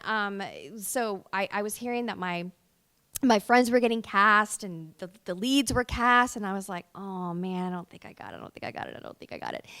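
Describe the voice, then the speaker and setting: Bright, animated woman telling stories. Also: on the high side. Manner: animated storyteller, acts out quotes with voices. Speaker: voice actress, interview guest. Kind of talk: convention interview chat.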